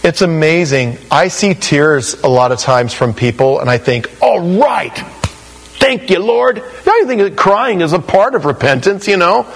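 A man preaching a sermon in a lively, storytelling way, acting out the voices of the people he quotes. His voice sits a little high for a man and swings widely in pitch. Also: moderate pace, hardly any pauses, poor audio. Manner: animated storytelling, acts out quoted voices, laughs at his own stories. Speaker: pastor.

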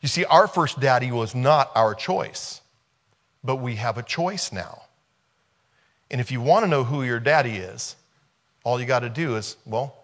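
A man preaching a conversational sermon, retelling a film scene and repeating rhetorical questions. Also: mid-range voice.

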